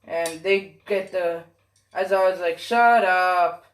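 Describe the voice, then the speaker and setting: Fan storyteller, rambling, profane, self-correcting, filler-heavy, slow, mid-pitched. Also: flat delivery, slight background noise.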